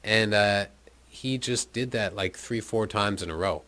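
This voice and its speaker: Speaking unhurriedly in a lowish, sharp-toned voice, this North American man recounts his travels through a meandering, foul-mouthed anecdote. His delivery is relaxed and offhand, with plenty of filler words.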